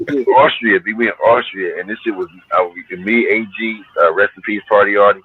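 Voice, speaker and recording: A man's voice: on the low side, quick pace, phone-quality sound, a little hiss or hum. A middle-aged man from New Jersey, a hip hop artist telling stories in a laid-back, slangy, profane way. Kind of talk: casual storytelling interview.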